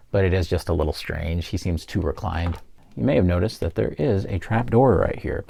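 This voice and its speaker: A man with a low, gravelly voice walks through a toy review in a casual, enthusiastic way. He chuckles often as he shows off the details. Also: darkish tone, a little hiss or hum.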